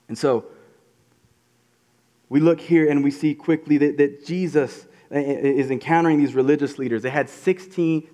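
A man's voice: medium pitch, mellow. A man preaching a casual sermon in a conversational way, acting out quotes in voices. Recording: reverberant hall.

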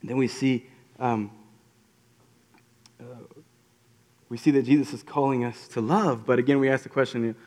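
A man's voice: medium pitch, steady tone, normal speed, long pauses, a little mellow. A man preaching a casual sermon in a conversational way, acting out quotes in voices. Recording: reverberant hall.

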